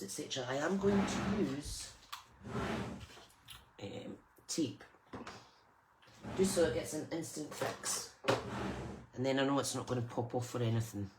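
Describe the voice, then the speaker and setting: A woman's voice: deep voice, a little slow, pauses often, very noisy. A Scottish woman hosting a live crafting stream, chatting casually and greeting viewers by name as she works. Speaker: crafting channel host.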